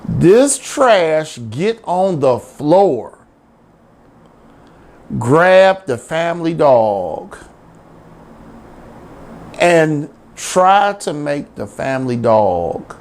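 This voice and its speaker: A man hosting a satirical rant show with a gravelly, creaky voice that swoops all over the place. He drawls slowly and makes every line an exclamation in a comic storytelling style. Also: a little high, sing-song, darkish tone.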